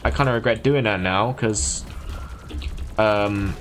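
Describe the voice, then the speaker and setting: A man's voice: fairly low pitch, takes it slowly, faint music behind. A man casually voicing a boastful young male pirate hero while retelling a game's story.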